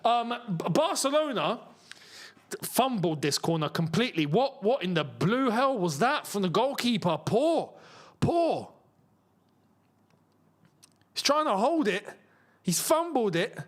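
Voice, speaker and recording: A young man hosting a live football watchalong, chatting casually and getting excited as chances come. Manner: excitable, chatty, jumps to a high pitch when chances come. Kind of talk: live match watchalong commentary.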